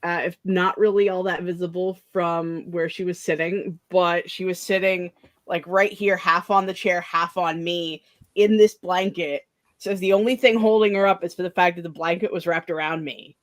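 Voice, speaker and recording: A young woman hosts a casual productivity stream, her low-side voice steady and moderately paced with no echo. Drowsy and yawning, she rambles through casual chat and laughs often.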